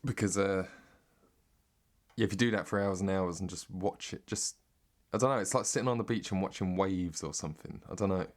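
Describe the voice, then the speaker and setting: An English man in a rambling, sweary deadpan comic monologue. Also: low-pitched, brisk. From Britain. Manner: rambling and sweary, drifting into mock accents. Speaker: comedic monologue host.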